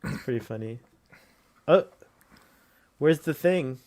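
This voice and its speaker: A man's voice: a little high, lively intonation, slow pace, a little mellow. Easygoing man reacting on a watch-along. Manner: easygoing, short reactions, laughs readily. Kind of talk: casual commentary chat.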